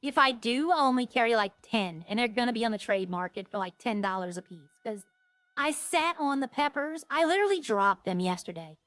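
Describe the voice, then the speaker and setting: A woman with a slightly high voice chats casually as she streams a game, rambling and thinking aloud. Her voice sounds close and dry, with faint music underneath. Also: lively intonation, fairly quick, fairly bright tone, dry recording. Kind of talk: casual gameplay chat.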